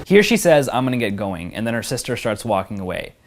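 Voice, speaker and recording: A man's voice: fairly low pitch, big pitch swings, fast talker. A man who is a pickup coach, teasing women in street demos and explaining his technique in a commanding voice-over with downward inflection.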